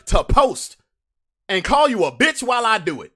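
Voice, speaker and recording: A man's voice: high voice, sing-song, moderate pace, pushed and bright. A man hosting a podcast, delivering a brash, swaggering comic rant full of trash talk. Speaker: podcast host.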